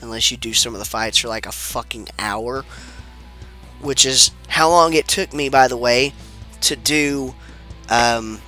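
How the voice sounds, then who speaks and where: A man's voice: medium pitch, sharp tone. A man with a sick-sounding voice, giving laid-back, rambling commentary over a video game, swearing casually. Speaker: let's play commentator.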